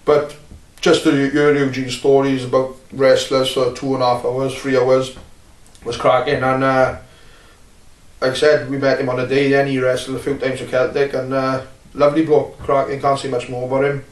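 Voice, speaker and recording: A Welsh man recalls his wrestling career in a loose, meandering way, full of pauses and blunt remarks. His voice sits at an ordinary pitch and sounds roomy and set back from the microphone. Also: monotone. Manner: rambling, blunt, many filler pauses. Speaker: wrestler being interviewed. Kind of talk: casual shoot interview. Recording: roomy, distant mic.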